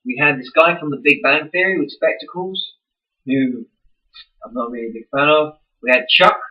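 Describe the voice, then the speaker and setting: A man's voice: on the high side, moderate pace, recorded from a distance, dull audio. A young man in a casual vlog, ranting with heavy swearing and exasperation. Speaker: vlogger.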